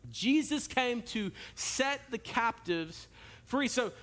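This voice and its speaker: A male pastor preaches a sermon with a very high, bright voice. He is animated, telling stories and speaking straight to his congregation. The delivery feels lively and personal. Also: slow. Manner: animated, storytelling, direct to the congregation.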